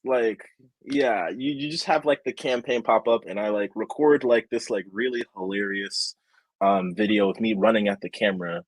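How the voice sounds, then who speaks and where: A young man with a lowish, breathy voice rambles as a podcast guest and state house candidate, using lots of fillers in an animated, casual chat. The recording is low quality, with no room sound.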